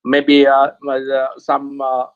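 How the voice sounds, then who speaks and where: A man's voice: medium pitch, monotone, slow pace, clear, resonant tone. Hesitant man on a muffled call. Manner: hesitant, many fillers and restarts. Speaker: English learner guest. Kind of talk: casual chat. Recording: muffled online call audio.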